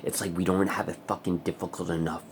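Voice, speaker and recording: Deep gravelly-voiced guy ranting mad on his vlog, lots of swearing. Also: little pitch movement, fast, a little hiss or hum. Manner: angry, profane ranting. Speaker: vlogger. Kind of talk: vlog rant.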